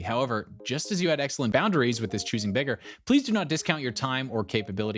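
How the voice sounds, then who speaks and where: A man narrating online posts aloud and adding conversational, amused commentary. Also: lowish voice. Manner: lively, conversational, amused asides. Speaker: narrator of reader stories.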